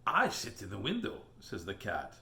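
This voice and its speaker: A man's voice: lowish voice, wildly swooping pitch, normal speed, bright, forceful tone, echoey room. A man reading a children's picture book aloud on video, joking between pages and doing silly animal voices.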